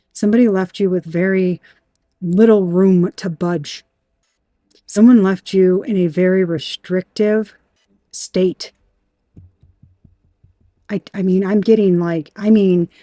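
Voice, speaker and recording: A woman giving a tarot reading in an emphatic, animated way, talking straight to the viewer and swearing now and then. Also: mid-range voice, no room sound. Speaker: tarot reader.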